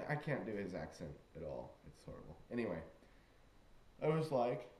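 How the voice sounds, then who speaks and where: A man's voice: mid-range voice, sing-song, normal speed, pauses often, a little mellow. A young man casually telling a rambling story, full of fillers, acting out the voices in it. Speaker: vlogger. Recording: roomy echo.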